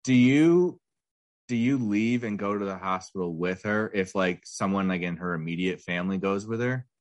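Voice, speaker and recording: A man's voice: low-pitched, normal speed. A man co-hosting a podcast in casual chat, laughing often and rambling through his stories with restarts. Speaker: podcast co-host.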